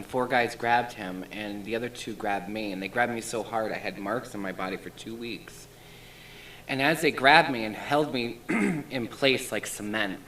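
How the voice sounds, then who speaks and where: A man's voice: lowish voice, a bit bright, a little hiss or hum, low-quality recording. A man giving an emotional first-person account as an interview guest, in a shaken, intense retelling.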